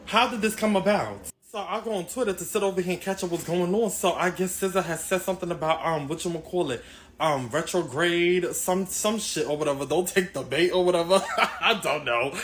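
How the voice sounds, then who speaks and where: A man's voice: high-pitched, fairly bright tone. A man commenting in a casual reaction video, rambling and exasperated, often laughing. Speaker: commentator reacting to celebrity news.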